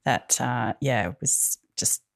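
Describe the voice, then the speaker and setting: Aussie woman, low gravelly voice, chatty tv recap podcast, dry close sound. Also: takes it slowly, dry recording. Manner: chatty, laughs often, wry. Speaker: podcast co-host. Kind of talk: casual TV recap chat.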